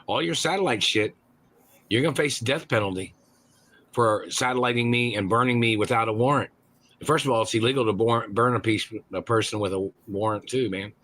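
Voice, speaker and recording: A man calling into a livestream, ranting angrily with constant cursing and shouted accusations. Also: medium pitch, fairly quick. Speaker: caller on a livestream. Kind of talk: angry profane rant.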